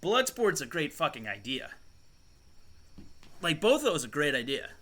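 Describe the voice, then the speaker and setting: A man's voice: fairly high pitch, very animated, normal speed, bright, forceful tone. A man co-hosting a podcast, chatting casually and rambling with lots of swearing and laughter. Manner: rambling, profane, laughs often. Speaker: podcast co-host. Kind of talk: casual chat.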